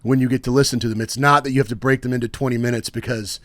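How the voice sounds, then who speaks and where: A man's voice: mid-range voice, fairly even intonation, rapid-fire, dry recording. A young man co-hosting a podcast in casual banter, rambling and joking, worn out after being sick. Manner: rambling, joking, trails off with fillers. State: tired. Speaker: podcast co-host.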